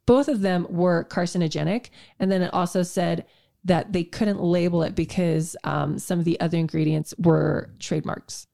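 A woman podcaster chatting casually about health, her voice low with a gravelly edge. She talks in a dark, mellow tone, restarting her sentences and tossing off sarcastic asides. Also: fairly even intonation, moderate pace. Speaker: podcast co-host, health practitioner. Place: home podcast room.

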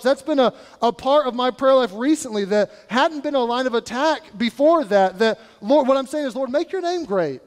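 A man's voice: very high voice, expressive, normal speed, hardly any pauses. A male pastor preaching a sermon in a conversational way, asking his congregation rhetorical questions. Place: church sanctuary. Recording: church hall reverb.

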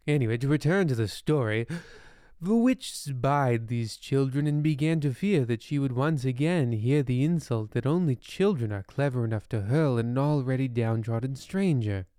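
A man narrating a comic bedtime story in a deadpan, rambling way with ominous asides. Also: mid-range voice, normal speed, clean tone, dry recording, studio quality.

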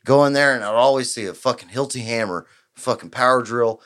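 A man spins a profane, animated story on a podcast. He talks at an ordinary pitch and voices the people in his tale as he goes. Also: a little fast. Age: 20s. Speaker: podcast host. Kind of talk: casual storytelling chat.

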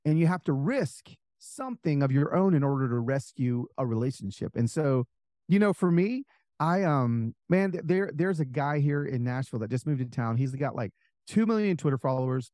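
A man telling stories in a casual interview as an author guest, animated and full of fillers, acting out the people he quotes. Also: medium pitch, normal speed, no room sound, clean studio sound. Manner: animated, acts out quoted voices, many fillers.

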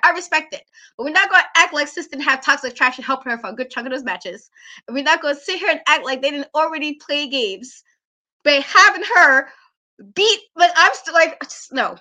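A woman co-hosting a wrestling talk show, ranting in an animated, exasperated way and laughing often. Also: sits high. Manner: emphatic repetition. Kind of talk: casual podcast rant.

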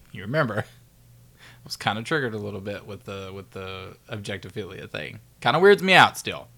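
A co-host on a casual podcast who reacts in an animated way, giggles, and rambles through opinions. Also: low-pitched, normal speed.

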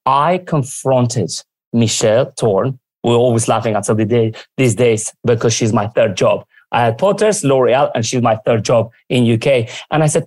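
A man telling stories from his working life in a lively, animated way, often acting out what others said. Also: mid-range voice, moderate pace, hardly any pauses, dry recording. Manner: lively, acts out quoted dialogue. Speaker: guest. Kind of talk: casual storytelling.

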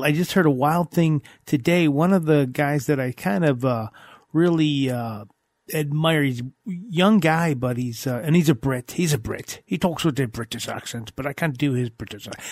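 A man's voice: fairly high pitch, moderate pace, a little mellow, no room sound. A man hosting a casual podcast chat, enthusiastic and repetitive, often restarting his sentences. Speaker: host.

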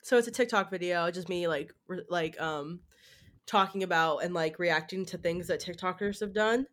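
A young woman in her twenties hosting a podcast, chatting casually with lively, rambling talk and free swearing. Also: lowish voice, normal speed. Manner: animated, rambling, swears freely. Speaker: podcast host. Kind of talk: casual chat.

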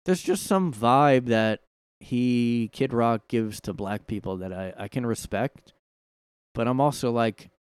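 Recorded dry, this podcast host speaks alone from his room in a smooth, mid-range voice at a slightly slow pace. His casual commentary drifts along sarcastically, peppered with plenty of fillers.

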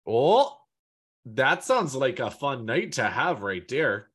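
A man's voice: medium pitch, very animated, slow, fairly bright tone, slightly rough, full character voice. A man doing a cheery, exaggerated Canadian man with a put-on Canadian accent.

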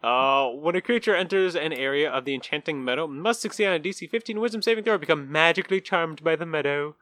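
This man co-hosts a casual tabletop gaming podcast and reads rules out with playful asides. His voice is bright and forceful. It sits a little high and sounds dry and close to the mic. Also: fast, dry recording. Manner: playful, laughing, slips into goofy voices. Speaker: podcast co-host.

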